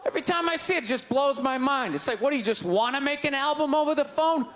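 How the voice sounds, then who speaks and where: A man doing stand-up comedy, ranting loudly and incredulously, shouting his punchlines to an audience on stage with a handheld mic. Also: extremely high pitch, lively intonation, fast. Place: large comedy venue on stage. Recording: live show with crowd laughter and noise. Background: audience laughing and groaning.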